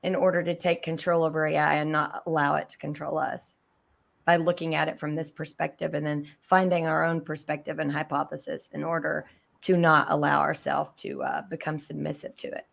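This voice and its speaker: A woman host with a low, gravelly voice. She speaks hesitantly and fills her pauses with ums and uhs as she guides a casual discussion. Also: little pitch movement. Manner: hesitant, with many fillers.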